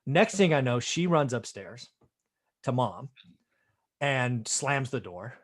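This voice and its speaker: A middle-aged man hosting a casual chat, telling a story in a self-deprecating, animated way and often tagging his lines with "right?". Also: medium pitch, slow. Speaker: host.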